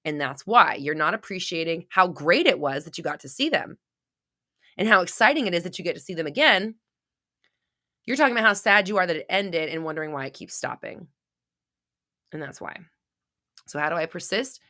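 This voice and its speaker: A woman's voice: lowish voice, animated, a little fast, pauses often, bright, forceful tone. A woman hosting a livestream who answers chat questions, talking bluntly with swearing, restarts and rambling asides. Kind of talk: casual livestream advice talk.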